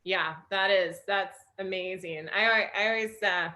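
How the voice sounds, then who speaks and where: A woman's voice: mid-range voice, unhurried, bright, forceful tone. A woman hosting a casual book club interview, reading out audience questions with plenty of fillers.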